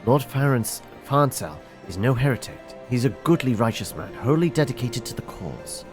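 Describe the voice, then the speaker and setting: A man's voice: mid-range voice, expressive, moderate pace, soft background music, lightly acted. A man voicing a loyal, secretive male knight in a fantasy game, talking in an urgent, confiding way.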